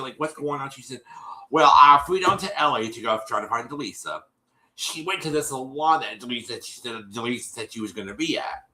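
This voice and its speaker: A man's voice: mid-range voice, sharp tone, roomy sound, poor audio. A man co-hosting a casual livestream, retelling a TV episode in a rambling way and acting out the quotes. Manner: rambling, restarts often, acts out quotes. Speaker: co-host recapping a TV episode.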